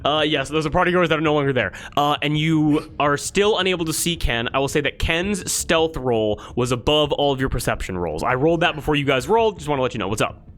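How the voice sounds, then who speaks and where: A man running a tabletop game as game master, talking fast, often correcting himself and laughing. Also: on the high side, a bit bright.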